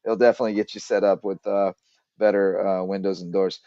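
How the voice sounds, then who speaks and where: A sports podcast host with a deep, warm voice tells stories and reels off sponsor plugs in a chatty, joking way. He talks a little fast with a level tone, and the recording is dry and lo-fi.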